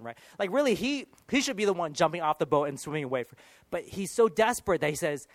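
A man preaching a sermon in an earnest, animated way, sometimes dropping to a hushed near-whisper. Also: sits high, fast talker, no room sound.

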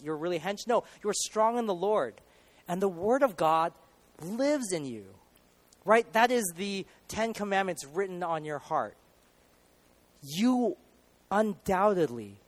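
A man preaching a sermon, moving between loud emphatic lines and soft prayerful ones. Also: high-pitched, no room sound.

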